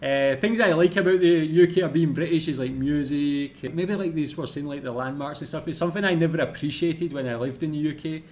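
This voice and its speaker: A man's voice: a little high, brisk, hardly any pauses, darkish tone. A Scottish man hosting a casual reaction video, chatty and self-deprecating, often tacking "man" onto his sentences. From Scotland.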